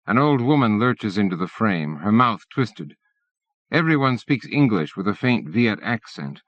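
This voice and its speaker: A man reading an audiobook in measured scripted narration. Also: fairly low pitch, sing-song, dry recording. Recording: dull dry lo-fi cassette.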